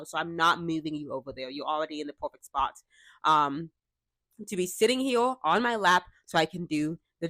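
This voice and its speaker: A woman's voice: low-pitched, a bit bright, no echo. A young woman hosting a casual podcast, chatting in a self-deprecating way and swearing offhandedly. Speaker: podcast host. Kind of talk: casual chat. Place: bedroom at home. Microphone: cheap clip-on microphone.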